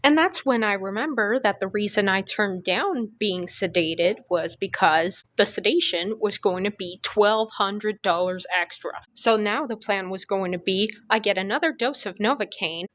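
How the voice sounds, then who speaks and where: A woman's voice: medium pitch, fairly bright tone. A young woman telling a comedic storytime, sarcastic and crude, with exaggerated jokes. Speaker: storytime vlogger.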